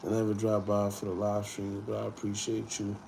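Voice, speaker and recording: A man hosting a casual livestream, reading viewer comments and talking in a loose, animated way. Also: fairly low pitch, brisk, vocal fry, a little hiss or hum. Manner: laid-back, animated, swings between loud and muttered asides. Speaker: livestream host.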